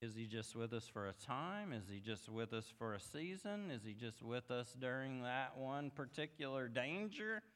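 Pastor preaching in a reverberant hall. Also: male voice, medium pitch, animated, moderate pace, hardly any pauses. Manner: builds from quiet reflection to emphatic, rising passages. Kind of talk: sermon.

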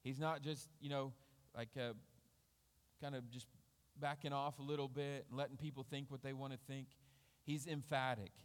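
A man speaks at a middle pitch, preaching in a loose, conversational way. He thinks aloud, circling back and restarting as he explains scripture. His voice rings out with the long reverb of a church hall. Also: level tone, moderate pace. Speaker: lay preacher. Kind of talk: conversational sermon.

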